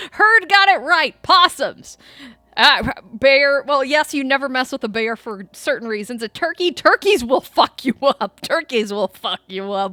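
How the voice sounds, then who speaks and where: A woman streaming a video game, chatting casually with viewers and telling rambling, animated stories with bursts of swearing. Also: high-pitched, no echo. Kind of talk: casual gameplay chat.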